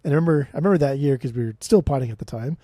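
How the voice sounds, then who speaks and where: A man in his late thirties co-hosting a podcast, sarcastic and profane, tossing off quick dismissive quips. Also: mid-range voice, warm tone, no room sound, studio quality. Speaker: podcast co-host. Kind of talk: casual podcast chat, ranking albums.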